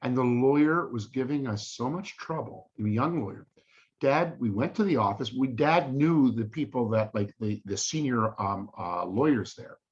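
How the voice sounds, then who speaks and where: An older man tells stories in a casual monologue, his pitch swinging widely as he acts out the people in them. The audio is dull and lo-fi. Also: normal speed. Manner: animated, acts out quoted voices. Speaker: real estate storyteller.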